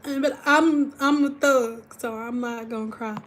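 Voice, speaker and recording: Chatting casually with viewers on her hair care livestream, a woman from Detroit swings animatedly between loud squeals and soft asides. Her voice is fairly high and unhurried, with a little hiss or hum in the recording.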